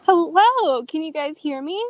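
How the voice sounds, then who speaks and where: A woman in her twenties calling into a live stream, polite and candid, pausing on "um" as she explains herself. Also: high voice, lively intonation, dry recording, poor audio. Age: 20s. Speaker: caller. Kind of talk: call-in over a video chat.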